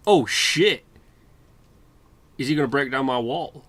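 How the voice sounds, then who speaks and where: A man's voice: mid-range voice, unhurried, fairly bright tone. A British man hosting a let's play, rambling chattily and swearing freely while commenting on the game. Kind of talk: casual gameplay commentary.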